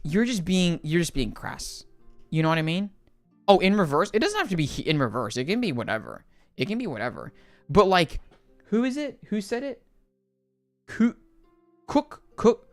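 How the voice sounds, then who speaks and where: Rambling, animated livestreamer. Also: medium pitch, dry recording. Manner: rambling, filler-heavy, animated. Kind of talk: casual livestream chat while gaming.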